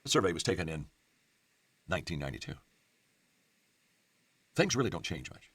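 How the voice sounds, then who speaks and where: A man's voice: sits low, sing-song, normal speed, a bit bright, no echo. A man giving a motivational talk on leadership, stressing and repeating key phrases and often restarting with "I, I". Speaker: leadership speaker.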